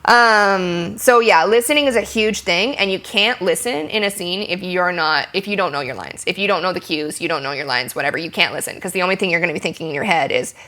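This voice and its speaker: A woman with a bright, fairly low voice speaks in a candid interview. She is a young actress who rambles with ums and likes. Now and then she drops into a short acted-out line to show a point. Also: fast talker, few pauses. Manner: chatty, explains with acted-out example lines.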